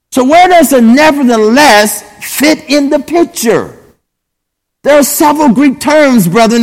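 A man preaching a sermon emphatically, repeatedly addressing his listeners as brethren. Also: very high-pitched. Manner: emphatic, repeatedly saying "brethren", drawn-out pauses. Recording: long hall reverb.

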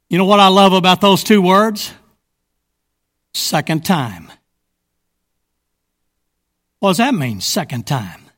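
A man's voice: high voice, fairly bright tone. A man preaching a sermon to his congregation, reading scripture and firing rhetorical questions at his listeners. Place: church sanctuary. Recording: long hall reverb.

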